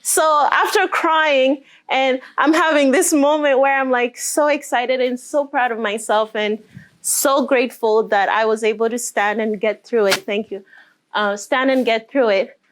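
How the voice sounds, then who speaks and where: A woman speaking as a motivational speaker, telling a personal story with emotion and then guiding a group through deep breaths and affirmations. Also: fairly even intonation, a little slow. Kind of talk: motivational talk to a live group.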